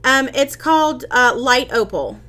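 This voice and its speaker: A chatty woman with a slightly high voice hosts a casual craft tutorial streamed live. She talks her viewers through each step and answers their comments as they come in, filling the gaps with ums and quick restarts. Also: very animated, bright, forceful tone.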